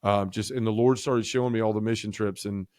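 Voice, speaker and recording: A man telling his personal faith testimony as a guest, in an earnest, halting way with frequent restarts. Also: lowish voice, steady tone, darkish tone, no room sound, studio quality.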